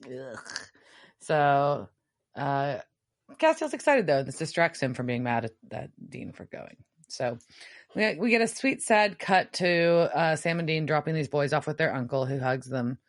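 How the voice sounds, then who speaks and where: A woman's voice: low voice, expressive, a little slow, dry recording, studio quality. A woman co-hosting a podcast, casually recapping a TV episode with lots of fillers. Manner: chatty recapping with many fillers. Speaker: podcast co-host.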